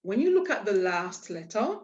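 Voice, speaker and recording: This Spanish teacher's online lesson comes through with lo-fi sound. Her medium-pitched voice has a sing-song lilt at a normal speed as she patiently explains and spells each letter out.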